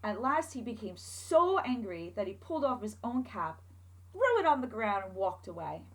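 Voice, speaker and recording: A woman teacher reading a picture book aloud to children, expressive and asking them questions along the way. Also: mid-range voice, normal speed, low-quality recording.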